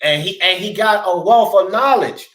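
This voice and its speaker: A man's voice: high-pitched, normal speed, a bit bright. A man hosting a sports talk stream, arguing in a fired-up, profane, emphatic way and calling people "bro" and "dog". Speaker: host. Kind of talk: heated sports talk debate. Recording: roomy echo.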